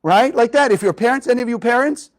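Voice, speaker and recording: A man with a high voice teaching a spiritual lesson to a live group. He speaks expressively and keeps turning to his listeners with questions. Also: animated, quick pace, poor audio.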